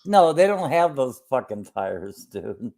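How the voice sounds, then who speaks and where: A man's voice: medium pitch, sing-song, slow pace, a little mellow. A man in a casual chat, ranting emphatically with lots of swearing and fillers.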